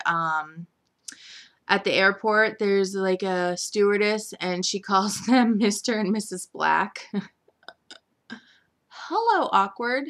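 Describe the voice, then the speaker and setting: A woman's voice: medium pitch, pushed and bright. A woman casually recapping a week of a soap opera, rambling with lots of "like" and "um". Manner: rambling, filler-heavy with frequent "like" and "um".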